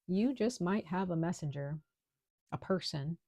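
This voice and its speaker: A woman's voice: lowish voice, expressive, measured pace, dark tone, no echo. A woman giving a casual tarot reading in a chatty, reassuring way, full of fillers, at home. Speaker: tarot reader.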